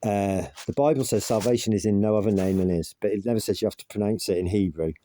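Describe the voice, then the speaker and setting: A man's voice: lowish voice, quick pace, warm tone, no echo. A man casually recounting an argument with an AI, rambling and pushing back. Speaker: vlogger.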